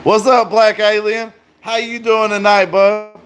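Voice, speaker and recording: A man's voice: high-pitched, flat delivery, measured pace, fairly bright tone. A man livestreaming, chatting casually and joking profanely with his viewers.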